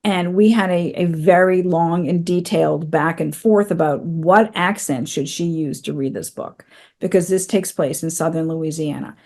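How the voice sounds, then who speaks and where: A woman's voice: on the low side, moderate pace, mellow. A woman in her fifties from New England, a guest author chatting about her novel. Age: 50s. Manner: chatty, with frequent fillers and restarts. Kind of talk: casual interview chat.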